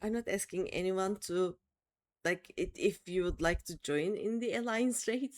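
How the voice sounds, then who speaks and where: A woman's voice: mid-range voice, measured pace, a little mellow. A tired, yawning woman streaming a game from home, chatting in a rambling way with fillers. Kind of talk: casual game-stream commentary.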